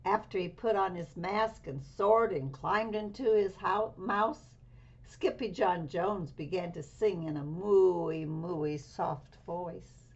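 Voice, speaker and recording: A woman reads a picture book aloud to children, expressive and unhurried. Her voice is soft and breathy at a slow pace. The recording sounds dull and lo-fi. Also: on the low side. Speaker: storybook reader.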